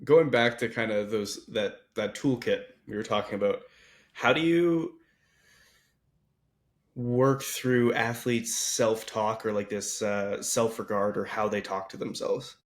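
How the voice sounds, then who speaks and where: A man hosting a podcast, a weightlifting coach who asks thoughtful, halting questions in casual conversation. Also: fairly low pitch.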